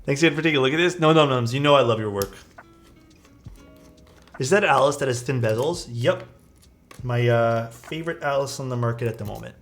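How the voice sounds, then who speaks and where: A man's voice: mid-range voice, a little fast, long pauses, fairly bright tone, faint music behind. A young man chatting casually with his live-stream chat while building a keyboard, laid-back and self-deprecating, reading messages aloud.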